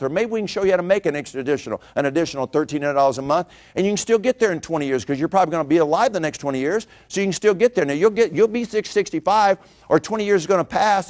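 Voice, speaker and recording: Man, middle-aged, rapid-fire seminar speaker, higher voice, pushy rhetorical questions. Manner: energetic, preachy, rhetorical questions. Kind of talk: motivational seminar talk.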